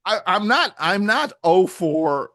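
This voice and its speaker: A man's voice: sits high, slow. An older man co-hosting a podcast, chatting casually and acting out little scenes as he tells stories. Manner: animated storyteller, acts out dialogue. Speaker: podcast co-host. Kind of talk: casual chat.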